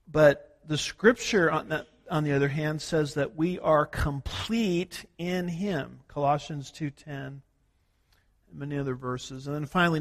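A man from the United States preaching a sermon as a pastor, working through numbered points and slowing down to stress key words. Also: fairly high pitch. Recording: long hall reverb.

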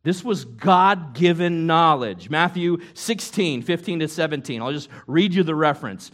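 A man preaching a sermon in a conversational way, with rhetorical tag questions, swinging between loud emphasis and hushed asides. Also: a little high, moderate pace. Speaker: pastor.

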